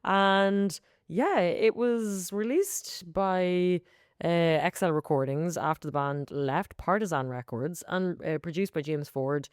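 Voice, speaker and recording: A woman co-hosting a music podcast, chatting casually in quick bursts. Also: on the low side, clean tone, no echo, studio quality. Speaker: podcast co-host. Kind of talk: casual chat about music.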